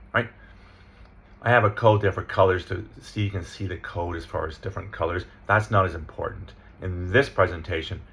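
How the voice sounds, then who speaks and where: Creaky low-voiced male English teacher. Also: fairly bright tone. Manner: explains step by step, often checking in with "right?" and "okay?"; reads example words and sentences aloud slowly. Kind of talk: slide-based lesson.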